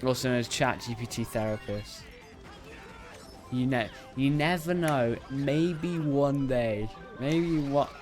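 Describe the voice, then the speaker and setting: Guy streaming a racing game, slow rambly talk to chat, keeps cutting himself off, faint music behind. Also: medium pitch, steady tone. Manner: rambling, self-interrupting, talks to chat; bursts into loud repeated "no, no" while playing. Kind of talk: casual live-stream chat while gaming.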